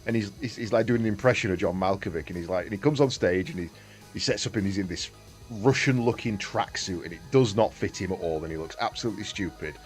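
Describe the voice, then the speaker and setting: A man's voice: low voice, fast, faint music behind. A man streaming a game, chatting casually, swearing and laughing often. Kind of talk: casual chat while gaming.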